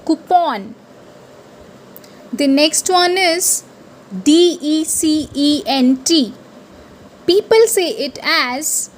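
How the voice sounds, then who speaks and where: A woman's voice: sits high, expressive, a little hiss or hum. A woman teaching English pronunciation to camera, spelling each word out letter by letter and checking in often with "right?". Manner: deliberate, spells words out letter by letter.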